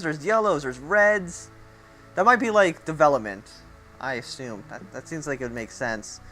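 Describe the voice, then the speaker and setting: A man's voice: fairly high pitch, pushed and bright. A young man giving a casual, rambling walkthrough of a strategy game, thinking aloud and making self-mocking asides. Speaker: gameplay commentator.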